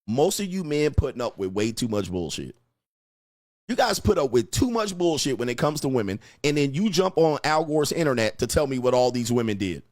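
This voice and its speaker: A man's voice: medium pitch, no room sound. Blunt, profane man ranting dry. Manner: blunt, crude, preachy, mocking. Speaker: dating advice host. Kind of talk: profane commentary rant reacting to comments.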